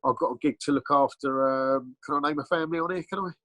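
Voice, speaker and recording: A man's voice: mid-range voice, fast talker, a bit bright, no room sound, rough recording. A middle-aged Englishman, telling rambling, blunt stories as a podcast guest, full of ums and restarts. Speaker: podcast guest, former bodyguard. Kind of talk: casual storytelling interview.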